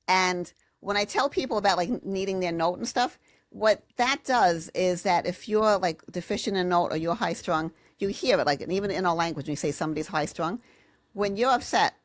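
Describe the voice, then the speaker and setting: A woman's voice: on the low side, moderate pace, no echo. A woman speaking as a podcast guest, a sound therapist telling her story in casual conversation and acting out quotes in big voices.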